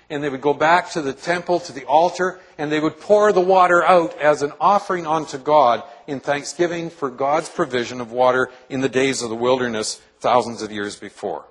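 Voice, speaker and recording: A man's voice: on the high side, low-quality recording. A male pastor preaching a sermon to his congregation in a church, earnestly asking them questions.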